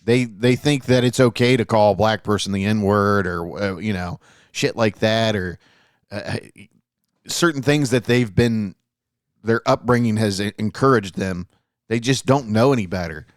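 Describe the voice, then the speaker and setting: Low-voiced man in earnest podcast chat. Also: unhurried, no echo, clean studio sound. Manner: earnest, rambling, profane, trails off with fillers. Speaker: podcast co-host. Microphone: studio mic.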